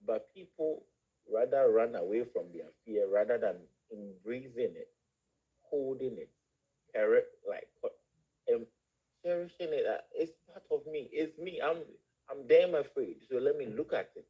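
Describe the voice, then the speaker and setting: A man with an African accent, a guest in a spiritual discussion, who talks haltingly and repeats words as he searches for the phrasing. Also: medium pitch, animated, mellow, breathy edge, low-quality recording. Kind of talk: spiritual discussion on a live show.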